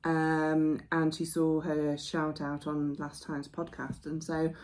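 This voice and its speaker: A woman's voice: sits low, completely flat delivery, takes it slowly, a little mellow, a little hiss or hum. A middle-aged woman with a New Zealand accent, co-hosting a podcast in casual, chatty talk full of fillers and laughs. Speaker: podcast co-host. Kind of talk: casual chat.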